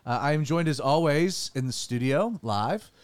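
A man's voice: fairly high pitch, lively intonation, normal speed, smooth. A man, a pastor hosting a casual studio podcast, joking and rambling with restarts.

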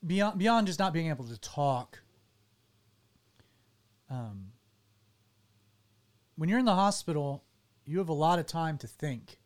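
Man, fairly high voice, guest recounting his own story; earnest, halting, restarts often. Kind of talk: personal storytelling in conversation.

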